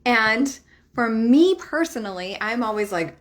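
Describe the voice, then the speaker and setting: A woman's voice: medium pitch, moderate pace, a bit bright. A woman in her thirties, a spiritual life coach talking to camera in a chatty, emphatic way, swearing casually and laughing often.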